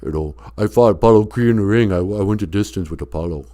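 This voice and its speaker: A man impersonating a confused, punch-drunk male action star with a low, slurred drawl. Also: fast talker, dark tone, lightly acted. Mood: dazed.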